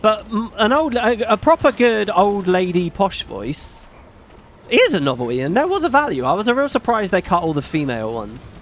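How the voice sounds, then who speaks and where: A man's voice: high-pitched, very animated, normal speed, hardly any pauses, slight background noise. A British man, the host of a gaming video, chatting casually and candidly, with the odd swear word. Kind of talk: casual chat.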